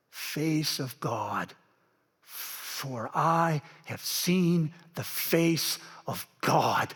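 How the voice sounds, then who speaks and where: A man's voice: mid-range voice, gravelly, a bit bright, breathy edge, voice pushed down, full character voice. A preacher voicing an exhausted awestruck man. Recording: long reverb of a church sanctuary.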